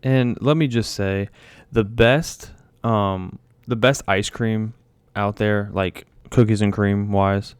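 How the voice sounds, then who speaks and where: A man's voice: fairly low pitch, fairly even intonation, slow pace, smooth, dry recording. A young man hosting a casual podcast, running a draft like a mock announcer and joking around. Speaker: podcast host.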